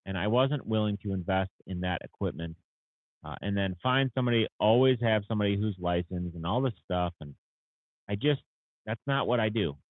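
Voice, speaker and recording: Tired low-voiced man on a tinny line. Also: brisk, no room sound. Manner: rambling, tired, with many fillers and restarts. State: tired, yawning. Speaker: landscaping business owner hosting a livestream. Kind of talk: casual livestream Q&A. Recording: tinny phone-like audio.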